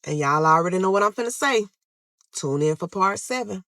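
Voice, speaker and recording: A woman's voice: lowish voice, lively intonation, brisk, no echo. Young woman telling a dramatic story. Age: young adult. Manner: dramatic, addresses listeners as y'all, acts out her own pleas loudly. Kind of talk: emotional storytime monologue.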